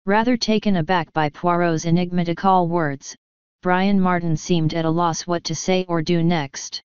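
Smooth low-voiced woman narrating. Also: fairly even intonation, normal speed, dry recording. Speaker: audiobook narrator. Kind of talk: scripted narration. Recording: dull, dry lo-fi audio.

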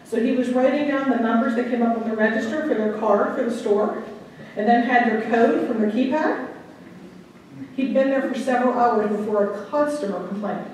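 Woman guest speaker, fairly high voice, anecdotal style, distant mic in a very echoey hall. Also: normal speed, darkish tone, slight background noise. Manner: chatty, storytelling, checks in with the audience. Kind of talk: anecdotal talk to a club audience. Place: meeting room.

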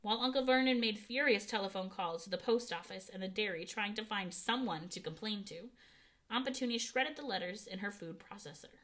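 A woman's voice: mid-range voice, fairly quick, fairly bright tone. A woman reading a children's novel aloud, narrating expressively and giving the characters voices. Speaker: audiobook reader.

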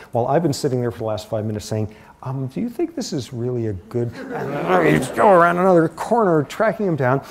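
Middle-aged male lecturer, mid-pitch voice, animated anecdotal delivery. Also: slightly rough. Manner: animated storytelling with asides. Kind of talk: university lecture.

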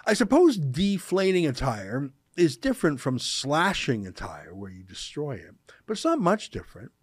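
A middle-aged Canadian man hosting an opinion show, talking in an emphatic, sarcastic way and slowing down to stress his words. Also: on the high side, wildly swooping pitch, husky, no room sound, clean studio sound. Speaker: show host. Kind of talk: opinion commentary.

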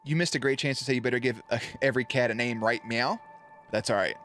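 A young man giving playful let's play commentary, excitable and baby-talking to the cats on screen. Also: mid-range voice, fast talker, soft background music. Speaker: gaming YouTuber.

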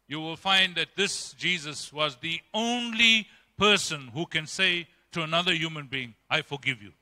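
Bright-voiced preaching man in reverberant church. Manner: emphatic preaching with dramatic swings in pitch and loudness. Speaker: pastor. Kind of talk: sermon. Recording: long church-hall reverb.

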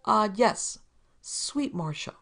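Fussy, prim male client with a whiny, raised pitch and a gravelly edge, as a woman reader puts him on. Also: expressive, slow, a bit bright, faint music behind, exaggerated voice. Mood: wheedling. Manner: prim, fussy wheedling talk, higher pitch. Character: fussy, wheedling middle-aged man client. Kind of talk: storybook reading.

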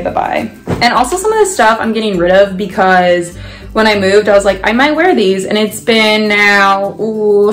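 Young woman vlogger from California, bright higher voice, playful and chatty, soft music under her. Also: poor audio. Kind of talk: casual vlog chat.

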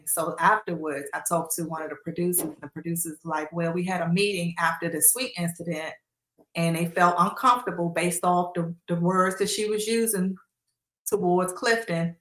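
Telling stories in a casual interview, a woman with a lowish voice relives reality show drama at a moderate pace, acting out quotes with animation. The room echo is noticeable in the recording.

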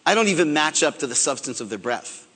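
A timid old prophet stammers over his words, as a man acts him out. His voice drops low and small. The hall adds a long echo. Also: sing-song, fast, a bit bright, breathy edge, full character voice. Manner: stammering, hesitant. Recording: long reverb of a large hall.

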